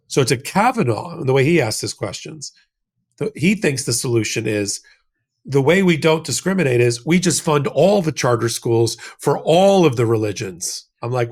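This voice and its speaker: A man's voice: medium pitch, expressive, moderate pace. An American man co-hosting a legal discussion show, explaining in a casual, emphatic way with rhetorical asides. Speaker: legal commentator, co-host.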